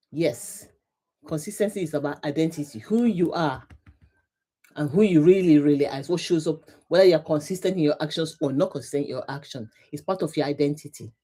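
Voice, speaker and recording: Middle-aged woman doing a live motivational chat, warm relaxed tone, says everything twice, laughs a lot. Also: low voice. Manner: repetitive, emphatic, greets viewers, laughs often. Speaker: livestream host, coach.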